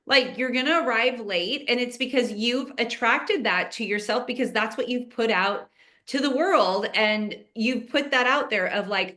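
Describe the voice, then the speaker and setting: A woman's voice: a little high, moderate pace, sharp tone. A middle-aged woman co-hosting a podcast, talking earnestly and directly to her listeners in a casual chat. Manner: earnest, talks straight to listeners. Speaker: podcast co-host.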